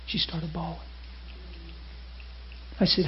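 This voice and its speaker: Animated preacher man, soft intense hush. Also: a little high, measured pace, pauses often. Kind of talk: sermon storytelling. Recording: muffled lo-fi with faint hiss.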